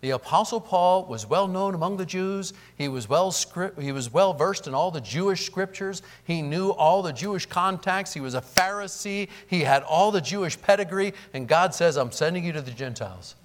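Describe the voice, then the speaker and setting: A man preaching a sermon, acting out the voices he quotes and swinging between loud emphatic lines and low hushed ones. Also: normal speed, few pauses. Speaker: pastor.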